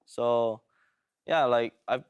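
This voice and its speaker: A man's voice: mid-range voice, steady tone, extremely slow, clean tone, dry recording, lo-fi sound. Hesitant male pro player, dry sound. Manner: hesitant, filler-heavy answers. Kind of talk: casual interview answers.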